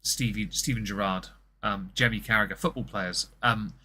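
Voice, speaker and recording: A man's voice: on the low side, fairly even intonation, moderate pace, sharp tone. A man from southern England with a posh southern English accent, co-hosting a casual political commentary chat, wry and chatty with a slight stammer now and then. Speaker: podcast co-host.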